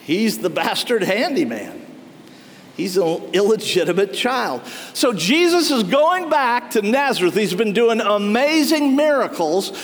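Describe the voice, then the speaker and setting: A man preaches with a high, lively voice that swoops up and down as he acts out what other people said. His words ring out through a hall with a long reverb. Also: measured pace, few pauses. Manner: animated storytelling, acting out quoted townspeople. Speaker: pastor. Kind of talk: sermon.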